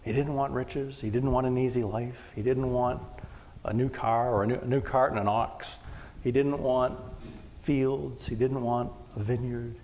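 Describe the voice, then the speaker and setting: A male pastor giving a conversational sermon, now and then acting out loud shouted quotes. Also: mid-range voice, steady tone, unhurried. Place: church sanctuary. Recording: long church reverb, faint room noise.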